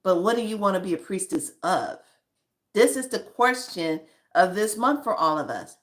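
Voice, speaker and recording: A woman's voice: mid-range voice, sing-song, normal speed, a bit bright. A woman giving spiritual guidance in an emphatic, conversational way, addressing her listeners directly as honey. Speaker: spiritual guide.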